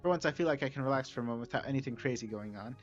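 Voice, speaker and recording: Man reading a game's narration on stream, mid-pitched, casual asides, soft music under a slightly dull mic. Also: racing. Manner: relaxed, chatty, self-correcting. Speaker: streamer reading a visual novel mod.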